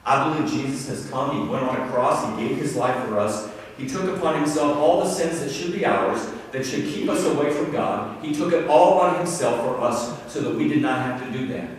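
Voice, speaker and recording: A man's voice: medium pitch, lively intonation, brisk, slight background noise. A man preaching a sermon as pastor, chatty and self-deprecating, telling stories with quoted voices. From Ohio. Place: church sanctuary. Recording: reverberant church hall, mic at a distance.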